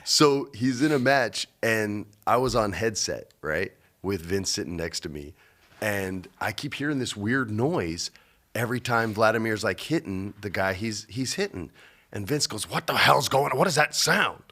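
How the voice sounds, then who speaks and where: A man hosting a podcast in casual chat, an animated storyteller who acts out the people in his stories. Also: on the low side, unhurried. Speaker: podcast host.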